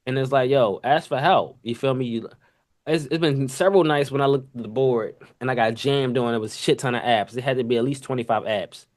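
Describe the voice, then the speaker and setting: Slangy, animated man telling work stories. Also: medium pitch, fairly quick. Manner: animated, slangy, acts out kitchen sounds and voices. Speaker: podcast host. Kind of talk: casual storytelling monologue.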